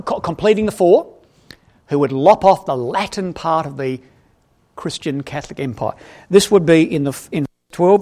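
A man preaching an expository Bible lesson, quizzing his audience and correcting himself as he goes. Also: a little high. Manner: animated, asks the audience questions, self-correcting.

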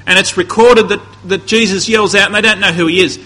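A man's voice: sits high, fairly quick, bright, forceful tone, rough recording. A man preaching a conversational sermon, building to emphatic peaks and often restarting his phrases.

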